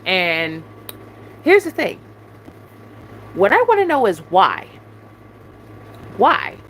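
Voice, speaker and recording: A young woman rants straight into the mic, her voice high and sharp-edged as she swears and repeats her demands. A faint hiss of noise sits under the recording. Her pitch swings widely as the anger rises and falls. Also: huge pitch swings, slow, poor audio. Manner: confrontational, repetitive demands, heavy swearing. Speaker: YouTuber venting on a live stream. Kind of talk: angry venting rant.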